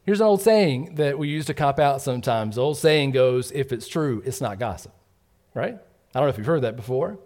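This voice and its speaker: A middle-aged man delivers a sermon at a middle pitch. He talks in a lively, conversational way. He slips into gossipy voices and keeps asking his listeners "right?". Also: brisk. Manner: animated, acts out gossipy voices, asks "right?" often. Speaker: preacher.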